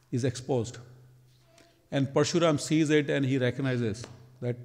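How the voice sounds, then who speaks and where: Man telling a story in a reverberant hall. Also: on the high side. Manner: lively storyteller, acts out quoted dialogue. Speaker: temple speaker. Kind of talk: storytelling sermon. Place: temple hall.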